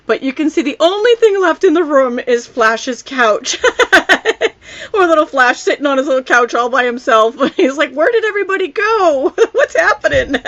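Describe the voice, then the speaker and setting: A woman's voice: sits high, fairly bright tone, lo-fi sound. Chatty upbeat middle-aged woman, live chat. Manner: chatty and upbeat, laughs often, rambles with fillers. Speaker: card-making instructor. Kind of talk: casual live-stream chat. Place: home family room.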